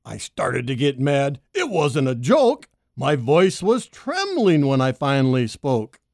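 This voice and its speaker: A woman reading a rhyming children's story aloud, expressive and sing-song. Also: slow, no room sound, studio quality. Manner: expressive, sing-song, big pitch leaps. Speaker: storybook reader.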